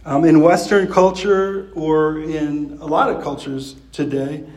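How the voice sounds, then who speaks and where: A man's voice: fairly even intonation, measured pace, a little mellow. A man preaching a sermon in a conversational way, with chuckles and fillers. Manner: acts out quoted voices with pitch jumps. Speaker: pastor.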